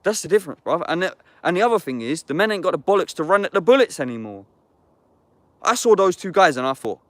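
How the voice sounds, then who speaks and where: A man's voice: sits high, very animated, fast talker, fairly bright tone, no echo. A man in a casual livestream chat, talking bluntly and heatedly, swearing and saying "bruv" constantly.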